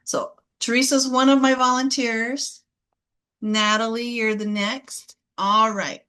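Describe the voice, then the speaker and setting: Woman, workshop facilitator, encouraging, upbeat, fairly high voice. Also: little pitch movement, slow, pushed and bright, clear, resonant tone. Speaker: parenting class facilitator. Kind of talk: leading a group workshop.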